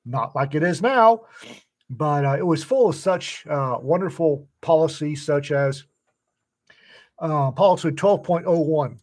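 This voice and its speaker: A man's voice: fairly high pitch, unhurried, darkish tone. An older man in casual conversation, telling folksy stories and acting out the voices of the people in them. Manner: folksy storyteller who acts out quoted voices. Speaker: podcast co-host telling stories. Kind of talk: casual storytelling chat.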